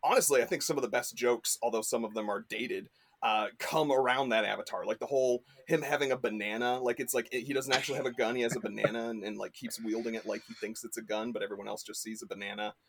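A man's voice: medium pitch, fairly even intonation, quick pace, fairly bright tone, slightly rough. A man chatting as a podcast guest, rambling with lots of fillers and restarts. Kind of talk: casual chat.

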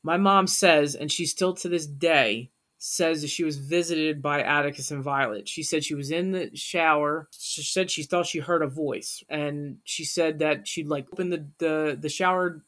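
A woman's voice: low voice, moderate pace, few pauses, a bit bright. A woman as a podcast guest, telling a personal story in an earnest, heartfelt way.

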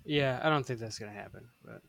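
A man's voice: medium pitch, quick pace, gravelly, a bit bright, slight background noise. A man co-hosting a casual podcast, reading listener questions in a loose, joking manner with casual swearing.

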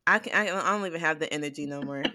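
Low-pitched laid-back woman co-host. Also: very fast, heavy background noise. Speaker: podcast co-host. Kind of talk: casual chat.

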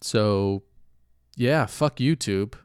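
A man's voice: fairly low pitch, extremely slow, clear, resonant tone, no room sound. Candid, swearing man hosting a dry solo podcast. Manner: rambling, candid, swears freely, laughs at himself. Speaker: podcast host. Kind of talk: casual solo podcast monologue.

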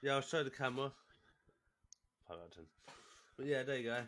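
An easygoing man with a mid-range voice, co-hosting and spinning the songs on a relaxed show. He giggles often and fills his talk with casual "yeah"s. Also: medium pitch, fairly quick. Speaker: co-host and DJ.

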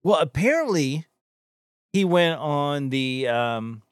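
A man's voice: fairly high pitch, lively intonation, slow, clean tone, dry recording. Rambling man, dry close voice. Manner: rambling, many fillers and restarts. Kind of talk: casual chat.

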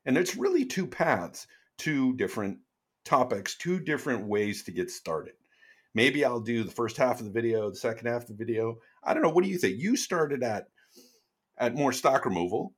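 A man co-hosting a podcast, telling stories in a relaxed, chatty way. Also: mid-range voice, normal speed, husky. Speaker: podcast co-host. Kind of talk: casual chat.

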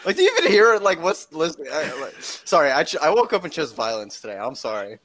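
A man's voice: a little high, very animated, quick pace, fairly bright tone. A young man co-hosting a casual podcast, swearing constantly in exasperated rants. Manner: swears a lot, exasperated ranting. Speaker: podcast co-host. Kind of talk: casual chat.

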